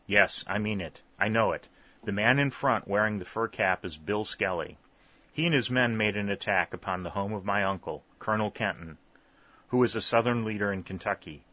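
A man voicing an earnest young man in an audiobook, speaking loud and clear. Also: on the low side, moderate pace, dry recording. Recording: slightly dull, dry recording.

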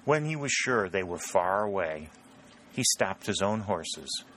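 A man narrating an audiobook in a measured, steady way. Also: low-pitched, a little hiss or hum.

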